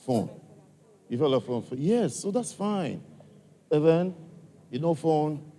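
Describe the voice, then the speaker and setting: Somewhat high, mellow and animated yet slow, the voice belongs to an African-accented man addressing a church congregation live. He coaxes and quizzes the crowd directly, while a large hall produces a long reverb.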